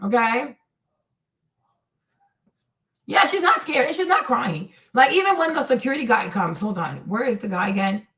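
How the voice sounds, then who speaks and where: A woman's voice: fairly high pitch, animated, moderate pace, long pauses, a bit bright. A woman hosting a show, commenting on a video and insisting on her points, repeating "you see" and "right". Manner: acts out others' lines in quoted voices. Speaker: host.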